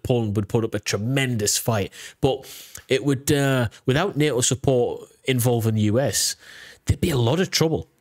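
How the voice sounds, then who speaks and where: A man's voice: medium pitch, no room sound, clean studio sound. A British man casually reacting to a video, talking in a rambling way with lots of restarts and fillers. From United Kingdom.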